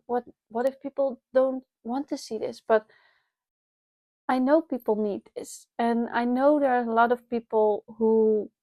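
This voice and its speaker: A woman's voice: fairly high pitch, warm tone, dry recording. A woman with a Dutch accent speaking English as a second language, talking candidly and reflectively in an unscripted vlog, with many restarts. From Netherlands. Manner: candid, rambling, self-reflective with frequent restarts and laughs. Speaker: vlogger. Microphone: wireless lapel mic.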